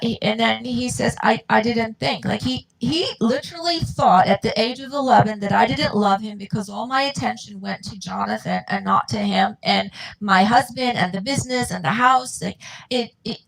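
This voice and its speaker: A woman's voice: on the high side, normal speed, gravelly, fairly bright tone, poor audio. A mother, a guest on the show, tells her family's story in an earnest, heartfelt way and acts out what people said. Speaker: guest, mother of a dyslexic child. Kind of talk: emotional personal storytelling.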